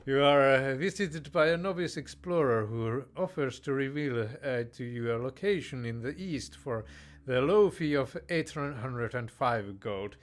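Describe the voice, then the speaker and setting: A man talks slowly through a text strategy game, reading events aloud and commenting on them. His pitch moves a lot, and his speech is full of fillers, restarts and tongue-in-cheek royal verdicts. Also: lively intonation. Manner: hesitant, full of fillers and restarts, mock-tyrannical jokes. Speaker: game player.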